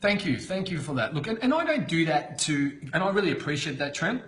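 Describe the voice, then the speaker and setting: Excitable, swearing motivational speaker man. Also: fairly high pitch, fairly quick, a little hiss or hum. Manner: blunt, swears constantly, excitable. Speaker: motivational speaker on a live stream. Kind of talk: unscripted motivational live stream. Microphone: computer webcam.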